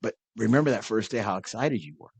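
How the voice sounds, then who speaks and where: A middle-aged man talks straight to his podcast listeners in a loose, folksy ramble, full of "you know" and restarts. His voice sits low. The sound is dry, with no room around it. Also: lively intonation, fast talker, vocal fry, breathy edge, dry recording. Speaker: podcast host. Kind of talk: casual monologue to listeners.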